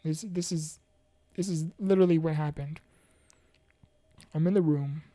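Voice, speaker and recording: A woman with a low, mellow voice speaks earnestly about her own mental health struggles. She pauses and restarts often, and she urges faith in a heartfelt, encouraging way. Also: steady tone, no room sound. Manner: preachy, faith-focused encouragement. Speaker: motivational speaker. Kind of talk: personal mental health testimony.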